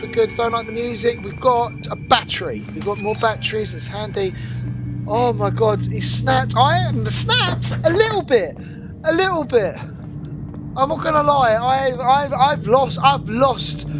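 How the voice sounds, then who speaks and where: This gaming video host, a man whose voice sits very high, delivers horror game let's play commentary over game music. The audio is rough, and he chatters anxiously to his audience, freaking out at each scare.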